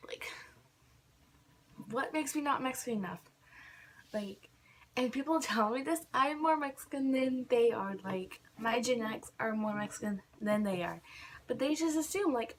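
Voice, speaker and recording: High-pitched and expressive, a young woman vlogger talks at normal speed over a little hiss or hum. Her casual rant to camera is irritated, and "like" crops up nonstop.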